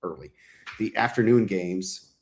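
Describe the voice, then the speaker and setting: A man's voice: deep voice, unhurried, a little hiss or hum. Laid-back, slangy man as guest author. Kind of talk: casual chat.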